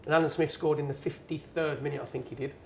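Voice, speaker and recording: He's a middle-aged Englishman, formerly a footballer and now a pundit, guest speaking on stage in a networking event bar with a long anecdote. He speaks fast in a slightly high voice, chatty and animated as he acts out quotes, with slight background noise present.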